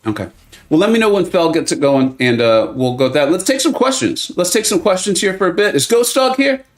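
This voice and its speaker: A man's voice: high-pitched, very animated, fairly quick, faint music behind. A man hosting a game-tournament watch party live stream, chatting casually and greeting viewers by name with self-mocking humor. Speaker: livestream host.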